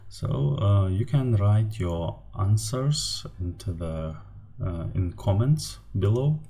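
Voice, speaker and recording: A man with a Turkmen accent, a native Turkmen speaker teaching a grammar lesson in English, explaining slowly and carefully with frequent hesitations. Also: fairly low pitch, lively intonation, gravelly, dark tone. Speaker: language teacher.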